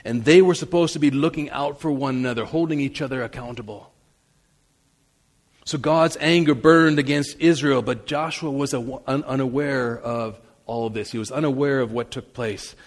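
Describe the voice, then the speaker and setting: A male pastor preaching a sermon, swinging between loud emphasis and soft asides. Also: mid-range voice, normal speed, big-room sound.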